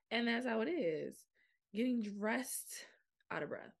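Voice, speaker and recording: A woman's voice: fairly high pitch, vocal fry. A young adult woman hosting a podcast, talking frankly and casually to her listeners, full of fillers and quoted self-talk. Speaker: podcast host. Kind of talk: candid solo podcast monologue.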